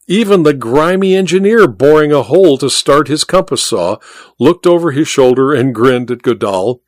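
Expressive male audiobook narrator. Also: fairly high pitch, moderate pace, no echo, clean studio sound. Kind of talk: scripted narration.

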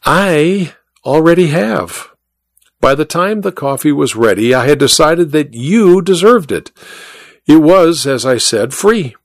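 A man's voice: a little high, lively intonation, unhurried, dry recording, clean studio sound, pitched above the performer's own voice. A man voicing a sly little male druggist who mocks his customer with chuckles and smug teasing.

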